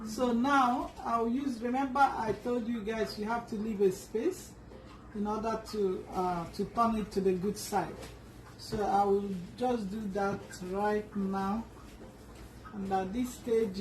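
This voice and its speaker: A woman talks through a sewing tutorial at a slow, patient pace, often stopping to rephrase as she works. She sits back from the microphone in an echoey room with a faint hum in the background. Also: medium pitch, fairly even intonation, recorded from a distance. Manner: unhurried, restarts and fillers while working. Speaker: sewing instructor.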